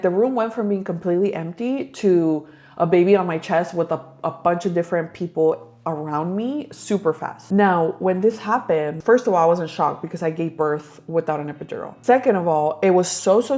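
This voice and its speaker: A woman's voice: lowish voice, darkish tone. A young woman vlogger telling a personal story to her viewers in a chatty way, calling them "girl" and "you guys" and slipping into Spanish phrases. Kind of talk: casual storytelling to camera.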